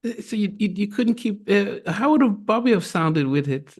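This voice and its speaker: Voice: mid-range voice, sing-song, measured pace, a little mellow, breathy edge. An interview host who gives short, encouraging reactions and laughs along. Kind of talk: casual interview.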